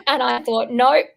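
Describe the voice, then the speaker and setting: An Australian woman novelist speaks in a relaxed, playful way and often pokes fun at herself. Her voice sits at a middle pitch. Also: gravelly. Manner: playful and self-deprecating, easy laughs. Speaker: novelist guest. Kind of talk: casual interview chat.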